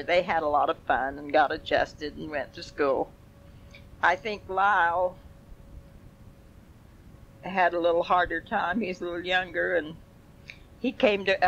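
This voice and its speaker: A woman's voice: sits low, dull audio, slight background noise. An older woman telling family stories in a folksy, rambling way with chuckles. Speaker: family storyteller. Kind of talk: oral history reminiscence.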